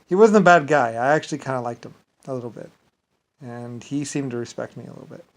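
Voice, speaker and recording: A man telling a story in a rambling casual monologue, full of halting restarts and repeated filler words. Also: mid-range voice, rough recording.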